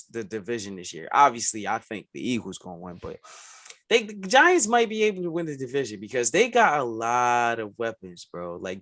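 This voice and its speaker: A man co-hosting a podcast, chatting casually and excitedly about sports, saying "bro" often. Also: on the high side, dry recording, clean studio sound. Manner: animated, says "bro" often. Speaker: podcast co-host.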